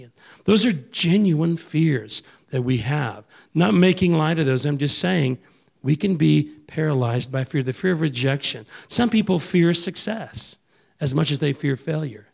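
Gravelly-voiced man preaching conversationally. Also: a little high, animated, normal speed, darkish tone. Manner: conversational, acts out quoted voices. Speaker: pastor. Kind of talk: sermon.

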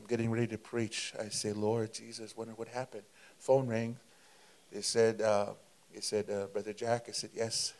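A man preaching as a guest, telling a testimony in a fervent, halting way, with many fillers and repeated words. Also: lowish voice. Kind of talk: testimony storytelling.

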